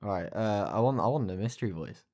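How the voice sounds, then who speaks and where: A man's voice: lowish voice, expressive, quick pace, darkish tone. A British man on a podcast giving laid-back, brief replies. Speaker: podcast co-host. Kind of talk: casual podcast chat.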